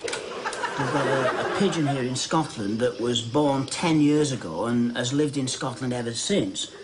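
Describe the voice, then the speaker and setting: A man explaining in a deadpan, matter-of-fact way in a filmed clip. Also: mid-range voice, unhurried, a little hiss or hum. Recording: studio audience laughter over clip.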